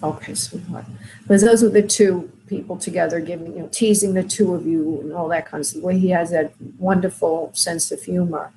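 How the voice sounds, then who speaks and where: A woman hosting a call-in show as a spirit medium, talking gently and soothingly to callers, with many fillers. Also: lowish voice, steady tone, fairly quick, a little hiss or hum, rough recording. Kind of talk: call-in reading, soft and consoling.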